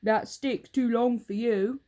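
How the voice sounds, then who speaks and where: A woman voicing a spiteful, scheming old man in a storybook reading, mocking and loud. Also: a little high, fairly even intonation, takes it slowly. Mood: gloating. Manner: gloating, mocking.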